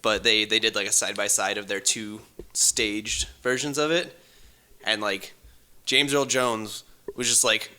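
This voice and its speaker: A man's voice: fairly low pitch, fairly even intonation, measured pace, pushed and bright, a little hiss or hum. A man co-hosting a casual movie podcast, explaining details with small stumbles. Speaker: podcast co-host.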